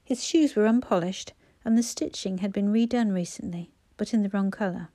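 A woman narrating an audiobook in a soft, even storytelling voice on a close mic. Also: medium pitch, normal speed.

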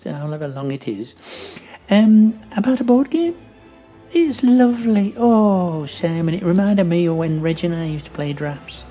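A woman's voice: on the low side, warm tone, voice pushed up. A woman voicing a chatty, rambling elderly woman co-hosting a radio show. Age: older. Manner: gossipy, rambling, fussy.

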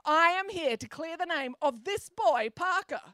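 A woman's voice: very high-pitched, lively intonation, measured pace, sharp tone, no echo, voice pushed up, full character voice. A woman voicing a clever, peculiar schoolgirl detective in a storybook reading, confident and matter-of-fact.

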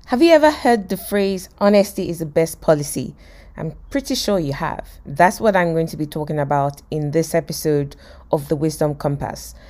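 Low-voiced woman giving a motivational talk. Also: moderate pace. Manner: lively storyteller who acts out quotes and laughs. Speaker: podcast host teaching life lessons. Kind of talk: motivational talk retelling a sitcom scene.

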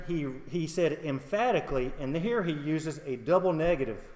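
A man's voice: fairly high pitch, lively intonation, moderate pace, few pauses, a little mellow. A middle-aged male pastor giving a conversational sermon with humor, personal stories and questions to the congregation. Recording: echoey hall.

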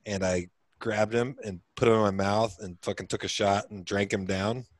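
A young adult man leads a casual podcast chat in a fairly low voice. He rambles through stories, drops curse words freely, and sounds close and dry on the mic. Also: fairly even intonation, normal speed, no echo. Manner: profane, rambling storyteller. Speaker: podcast host.

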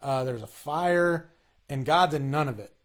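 Earnest man talking in halting restarts. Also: a little high. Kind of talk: casual faith conversation.

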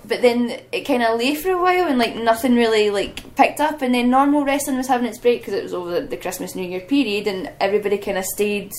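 A woman's voice: a little high, quick pace, few pauses. A young adult woman, a professional wrestler guest on a podcast, telling stories casually and acting out what people said, often laughing. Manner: animated, acts out quotes in other voices, laughs often. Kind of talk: casual storytelling chat.

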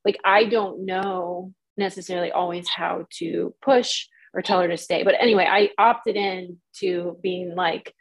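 A woman co-hosting a podcast, telling a rambling, animated story in casual chat. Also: fairly low pitch, unhurried, gravelly, hardly any pauses, rough recording. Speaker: podcast co-host.

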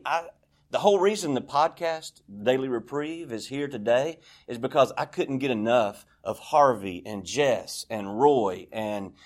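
A man speaking candidly and at length as the speaker at a recovery meeting in a church, rambling and confessional. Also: mid-range voice. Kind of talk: personal share at a recovery meeting.

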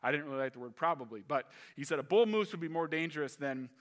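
A man in his thirties preaching a sermon, telling a personal story in an animated way. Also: on the high side, fast. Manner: animated storyteller, shifting to calm teaching. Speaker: pastor.

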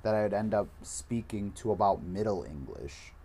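A man's voice: lowish voice, animated, normal speed, warm tone, a little hiss or hum. A man co-hosting a casual podcast chat, reading facts aloud from his phone and laughing easily. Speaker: podcast co-host.

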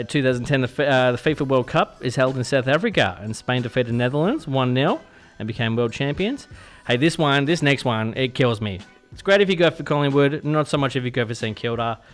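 A young Australian man hosts his radio show from the studio in a loose, chatty way, poking fun at himself and tripping over words now and then. His voice sits at an ordinary middle pitch, and faint music plays behind him. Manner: chatty, self-deprecating, stumbles over words. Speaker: radio host. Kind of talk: casual radio show hosting.

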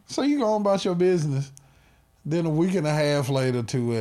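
A man's voice: mid-range voice, quick pace. A man hosting a podcast, telling stories in casual, profane banter and laughing often. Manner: animated, laughing, profane storytelling. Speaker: podcast host.

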